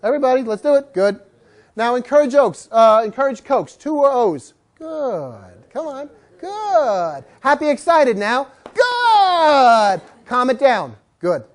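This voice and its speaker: Animated woman dog trainer teaching a class. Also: high voice, moderate pace, hardly any pauses. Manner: animated storyteller, acts out dogs and owners, coaxes the group to repeat words. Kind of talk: live training class talk.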